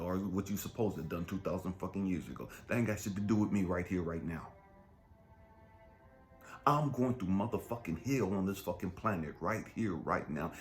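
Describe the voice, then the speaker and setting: A man hosting his own channel, delivering an angry, heavily profane, emphatic rant in a personal monologue. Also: lowish voice. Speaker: channel host.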